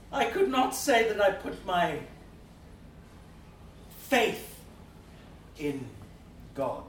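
A man playing a drunken Georgian gentleman. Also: very high-pitched, slight background noise, heavily acted. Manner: theatrical, swinging between bluster and hushed brooding. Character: drunken middle-aged Georgian gentleman, boastful and remorseful. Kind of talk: dramatic monologue. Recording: roomy, distant mic.

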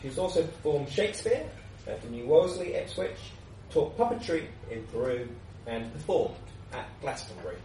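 A host giving a measured introduction of a performer at a live event. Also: mid-range voice, expressive, dark tone, slight background noise. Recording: roomy, distant live recording.

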